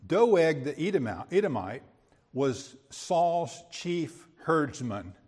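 A man's voice: on the high side, sing-song, slow pace, darkish tone, slightly rough, long reverb tail. A man teaching a verse-by-verse Bible sermon in a conversational way, with quips and rhetorical questions. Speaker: preacher.

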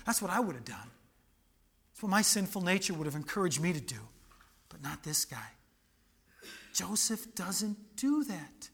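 A man preaching a sermon, animated and dramatic, with sudden loud outbursts and questions thrown to the congregation. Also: fairly high pitch, moderate pace, pauses often, husky.

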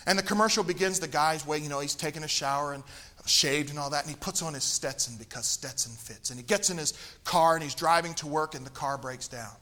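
A middle-aged man from Tennessee delivers a sermon, his high voice carrying a bright, ringing tone. He tells stories in a lively way, sinking into soft asides before breaking into loud, emphatic bursts. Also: brisk. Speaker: preacher. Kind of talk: sermon with a humorous personal story.

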